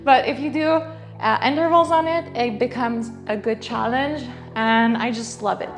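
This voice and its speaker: A woman's voice: a little high, moderate pace, faint music behind. A young woman talking casually to the camera about her workout in a home garage gym, chatty, with fillers and small laughs. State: out of breath at times. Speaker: fitness vlogger.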